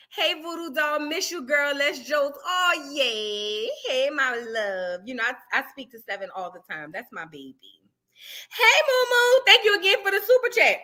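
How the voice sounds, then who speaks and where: New woman hosting a livestream, high voice, animated storytelling. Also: moderate pace. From New Orleans, USA. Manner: chatty, animated storyteller with slangy asides. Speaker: livestream host. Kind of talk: casual livestream chat.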